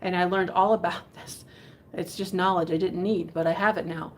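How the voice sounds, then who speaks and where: A woman's voice: lowish voice, steady tone, moderate pace. A woman hosting a live online vintage sale in a casual, chatty, giggly way that rambles. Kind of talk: casual live selling chat. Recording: faint background noise.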